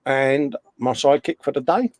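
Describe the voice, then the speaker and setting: A man's voice: mid-range voice, animated, moderate pace, darkish tone, no room sound. A middle-aged British man hosting a casual live stream from his workshop, chatting and reading out viewers' messages. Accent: British English. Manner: chatty, reads out chat messages. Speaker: host. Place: home workshop.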